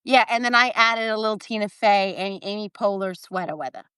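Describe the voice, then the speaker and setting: A woman's voice: mid-range voice, brisk, pushed and bright, clean tone, no room sound, clean studio sound. A woman in her fifties from New Jersey, hosting a live video in a chatty, rambling, self-mocking way. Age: 50s. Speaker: live-stream host. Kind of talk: casual chat.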